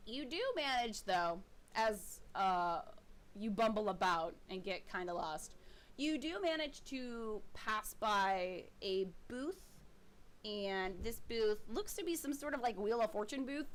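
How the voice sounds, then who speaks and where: A woman runs a tabletop role-playing session and narrates the scene for her player. Her pitch sits right in the middle of the range. She rambles easily, with plenty of fillers and giggles. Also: animated, slow pace. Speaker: game master. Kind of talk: casual tabletop game narration.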